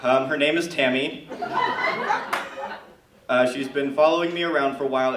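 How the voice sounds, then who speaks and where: A man's voice: mid-range voice, fairly even intonation, moderate pace, pauses often. A man doing a stand-up comedy intro, hesitant and nervous with lots of fillers. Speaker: stand-up comic. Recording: echoey room, mic far off, noisy.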